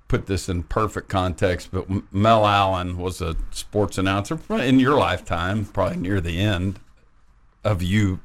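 A man's voice: low voice, fairly bright tone. A man co-hosting a sports talk radio show, chatting casually in a rambling, thoughtful way. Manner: rambling and thoughtful, with many restarts.

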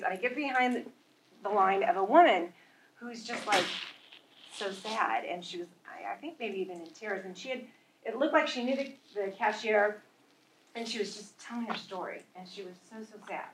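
A woman's voice: mid-range voice, fairly bright tone. A woman sharing a personal testimony in a church sermon, in a chatty storytelling manner full of fillers and restarts. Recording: roomy hall with faint noise.

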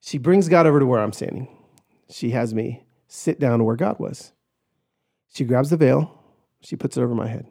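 A man guest on a podcast, telling a personal story in an animated way and acting out the voices of others. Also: mid-range voice, moderate pace, vocal fry, long pauses. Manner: animated, acts out quoted voices, shouts in retelling.

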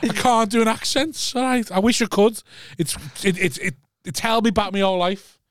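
A man's voice: sits high, moderate pace, no echo, clean studio sound. A man co-hosting a podcast, playful and self-mocking in casual banter. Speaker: podcast co-host.

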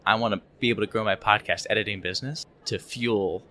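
Young male guest, bright tone, low voice, casual and hesitant. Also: fairly even intonation. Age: young adult. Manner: halting, many repeats and likes. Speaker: podcast guest. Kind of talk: casual interview chat.

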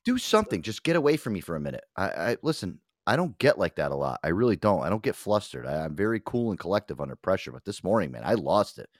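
Low-voiced man swearing through an animated rant. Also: quick pace, few pauses, no room sound, clean studio sound. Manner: profane, animated storytelling with acted-out quotes. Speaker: co-host. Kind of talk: casual podcast chat.

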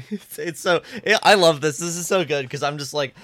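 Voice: mid-range voice, normal speed, a bit bright, no room sound, studio quality. A podcast co-host in casual chat, asking curious questions and rambling in bursts.

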